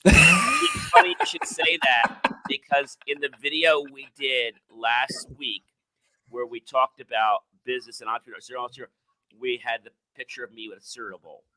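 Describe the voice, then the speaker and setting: Bright-voiced man telling lively stories. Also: medium pitch, moderate pace, low-quality recording. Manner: animated storyteller, acts out quoted voices. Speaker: podcast host. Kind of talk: casual podcast chat.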